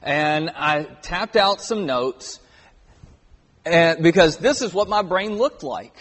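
A man's voice: on the high side, lively intonation, slow pace, fairly bright tone, faint music behind. A man in his thirties preaching a sermon in a church auditorium, earnest and stressing key words. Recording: long hall reverb.

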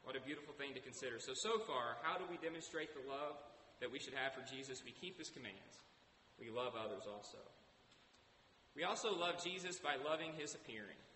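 A man's voice: medium pitch, fairly quick, sharp tone. A man preaching a sermon as pastor, earnest, reading scripture aloud to his congregation. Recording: echoey hall with faint hiss.

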